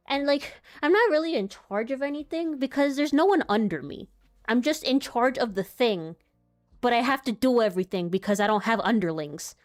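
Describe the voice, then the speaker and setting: A young woman rambling casually while she draws, laughing a lot, swearing, and muttering to herself over her work. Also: medium pitch. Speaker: artist streamer.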